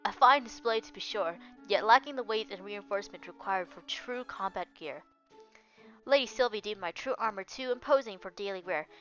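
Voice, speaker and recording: A woman's voice: medium pitch, animated, normal speed, fairly bright tone, close to an everyday voice. A woman voicing a devoted young female knight who speaks in formal, archaic oaths. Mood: solemn. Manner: formal, archaic oath-swearing speech. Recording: dull lo-fi with faint music.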